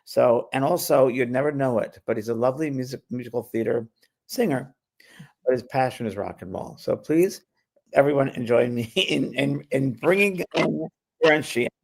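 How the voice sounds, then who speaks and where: A man's voice: medium pitch, moderate pace, vocal fry. A man hosting a spiritual talk show, chatting casually and rambling a little, with frequent restarts. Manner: rambling, restarts often, laughs while talking. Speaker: host, medium. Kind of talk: casual chat.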